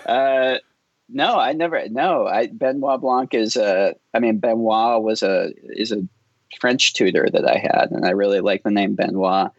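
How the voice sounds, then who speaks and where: A man guesting on a podcast, talking in a relaxed, rambling way and laughing often. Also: on the low side, normal speed, no room sound, lo-fi sound. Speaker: film director guest. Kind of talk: casual podcast interview.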